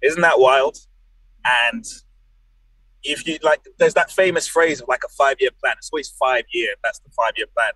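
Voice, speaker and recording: A man's voice: medium pitch, moderate pace, no room sound, rough recording. A man, a wrestler chatting as a guest and telling jokey stories. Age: late 20s. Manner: animated, jokey storyteller. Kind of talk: casual podcast chat.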